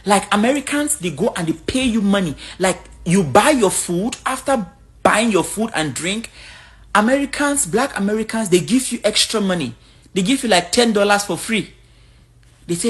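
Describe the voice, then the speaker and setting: A woman from Africa speaks straight to her viewers in a casual vlog. Her talk is blunt and outspoken, and her pitch swings a lot from line to line. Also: animated, normal speed, a bit bright. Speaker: vlogger.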